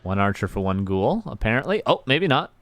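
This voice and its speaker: A man's voice: fairly low pitch, sing-song, a little fast, fairly bright tone. A man casting a live strategy game match, chatty and playful with joking asides. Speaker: esports caster. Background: faint game music.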